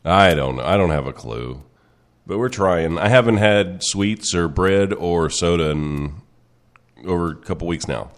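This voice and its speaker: Male host, stuffy from a cold, lowish voice, rambling, self-mocking, home studio. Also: unhurried. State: congested with a cold. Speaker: podcast host. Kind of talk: casual chat.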